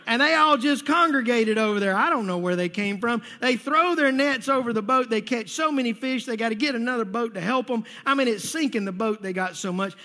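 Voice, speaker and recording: A man with a notably high voice preaches to his congregation. He talks in an energetic, conversational way and slips into playful acted asides. His voice rings out with a long reverb, as in a church sanctuary. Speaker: pastor. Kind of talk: sermon.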